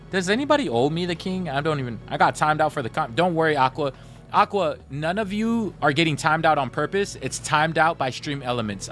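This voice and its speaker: Bright-voiced chatty streamer guy. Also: fairly high pitch. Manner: chatty, talks straight to chat, storytelling. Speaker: gaming livestreamer. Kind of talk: casual livestream chat.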